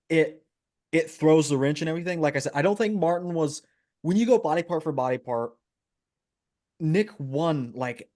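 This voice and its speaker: A man with a fairly high voice co-hosts a casual podcast over a remote call. He talks in an animated way, laughs a lot and repeats himself as he argues a point. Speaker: podcast co-host.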